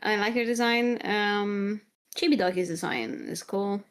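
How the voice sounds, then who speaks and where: A woman's voice: medium pitch, measured pace, clean tone. A woman chatting casually on a stream, hesitant and full of fillers. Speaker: stream guest. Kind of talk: casual chat.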